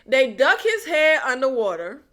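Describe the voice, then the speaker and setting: A woman's voice: high-pitched, sing-song, unhurried, sharp tone. A woman recapping a TV episode in a casual, exasperated tone, firing off sarcastic rhetorical questions at her viewers. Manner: addresses viewers as y'all. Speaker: TV recap vlogger.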